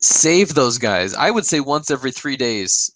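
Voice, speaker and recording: Bright-voiced joking male podcaster. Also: medium pitch, sing-song, moderate pace, no echo. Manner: joking, chuckles often. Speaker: podcast co-host. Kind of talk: casual sports chat.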